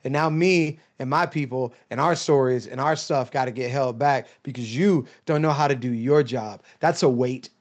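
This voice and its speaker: A male writer in a casual chat, talking in an emphatic, animated way and laughing often. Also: mid-range voice, normal speed, hardly any pauses. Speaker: writer and podcast guest.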